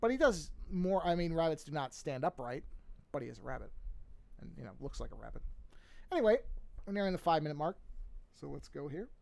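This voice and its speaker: A man's voice: on the high side, big pitch swings, brisk, vocal fry, long pauses, darkish tone. A man casually teaching cartoon drawing on a livestream, rambling and thinking aloud as he works at his desk mic. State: yawning, a bit sleepy. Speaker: art teacher streaming a drawing lesson.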